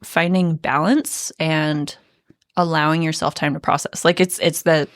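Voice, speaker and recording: Woman co-host just chatting, lowish voice, lots of "like", laughs a bunch. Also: steady tone, unhurried, dry recording, studio quality. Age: adult, married. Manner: chatty, many "like" fillers, laughs while telling stories. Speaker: podcast co-host. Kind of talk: casual chat.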